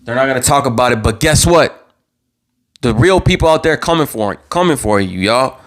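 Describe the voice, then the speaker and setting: A man with a mid-range, lively voice talks fairly quickly while hosting his own live talk show on his channel's livestream. Worked up and passionate, he delivers impassioned commentary, repeating words and swearing as he goes.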